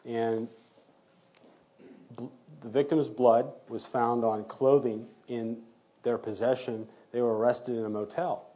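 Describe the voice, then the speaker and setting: A man's voice: medium pitch, flat delivery, a little slow, dark tone. A man who works as a forensic DNA criminalist, telling a story in an interview and acting out the exchanges he quotes.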